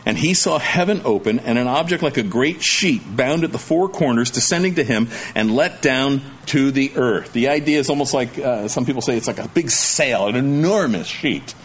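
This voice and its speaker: Male pastor for a sermon: folksy and chatty, middle pitch, reads scripture then riffs with asides, faint hiss underneath. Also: expressive, moderate pace, few pauses. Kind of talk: sermon, reading scripture and explaining it.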